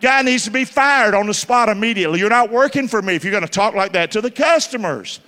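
Male pastor, high tense voice, emphatic call-and-response preaching, reverberant hall. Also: expressive, fast, pushed and bright. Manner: call-and-response questions to the congregation; emphatic, spells words out letter by letter. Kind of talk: sermon. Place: church.

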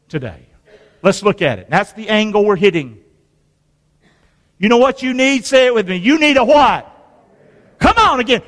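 A man preaches a sermon in a church, his voice high and bright. He pulls the congregation into call-and-response, dropping to near whispers and then rising to shouts. The sound rings with long reverb from the hall. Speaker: pastor.

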